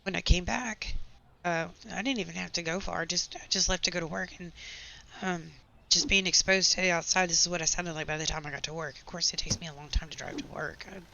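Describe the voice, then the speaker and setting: A woman, hoarse with her voice nearly gone, chatting and venting sarcastically while playing a game. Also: lowish voice, fairly even intonation, a little fast, pushed and bright. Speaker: gaming channel host. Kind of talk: casual gameplay chat with storytelling. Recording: slightly dull home recording with faint background noise.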